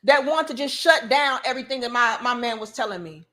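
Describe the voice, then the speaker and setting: A woman's voice: on the high side, expressive, brisk, pushed and bright. A woman, hosting an emphatic, preachy opinion monologue. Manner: emphatic, preachy, acts out quoted voices. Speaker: commentary show host.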